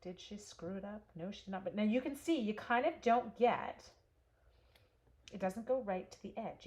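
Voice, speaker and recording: A woman's voice: medium pitch, a little mellow. A woman hosting a live craft demonstration. She chats casually with her viewers as she works and answers their comments. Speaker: host demonstrating card stamping. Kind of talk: live craft demo with chat.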